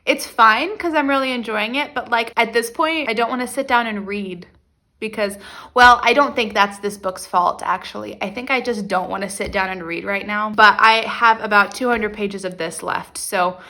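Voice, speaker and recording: A young woman vlogger chatting casually about her reading, rambling and excitable, with many fillers. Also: mid-range voice, normal speed. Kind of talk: casual chat to camera.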